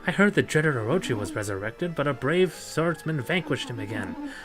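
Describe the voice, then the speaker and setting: A man's voice: mid-range voice, animated, normal speed, over music, lightly acted, low-quality recording. A man voicing a vain, regal priestess woman in a haughty, formal way, close to his own voice.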